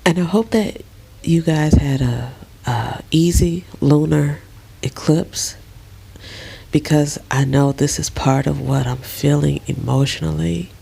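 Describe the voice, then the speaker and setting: A middle-aged woman lying in bed in a dark bedroom, talking slowly and emotionally in a soft, often half-whispered voice. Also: deep voice, creaky, slightly rough. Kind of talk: casual personal vlog.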